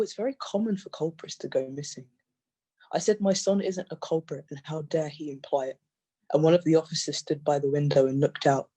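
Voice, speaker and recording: Husky poet reading aloud. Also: mid-range voice, warm tone. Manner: measured, intense delivery with repeated phrases. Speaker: poet reading own work. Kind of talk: poetry reading.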